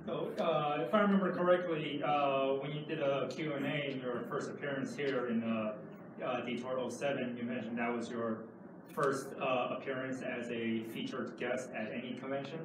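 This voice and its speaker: A man in the audience asking a panel guest a question, hesitant and filling pauses with uh. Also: medium pitch, steady tone, background noise. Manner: hesitant, many uh fillers. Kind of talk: question from the floor. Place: large convention hall. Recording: distant, echoey hall with chatter.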